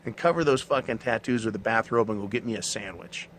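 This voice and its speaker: A man's voice: on the low side, quick pace, fairly bright tone, a little hiss or hum. A man hosting his own show, delivering a blunt, profane, mocking monologue. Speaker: show host. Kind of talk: ranting monologue.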